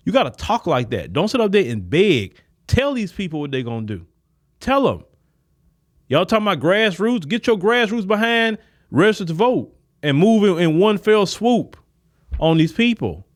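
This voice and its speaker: A man with delivers a political commentary like a sermon. His voice sits a little high and rises and falls dramatically as he argues. He keeps acting out imagined conversations to drive each point home. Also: sing-song, moderate pace. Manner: preachy and emphatic, acts out imagined dialogues. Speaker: podcast host.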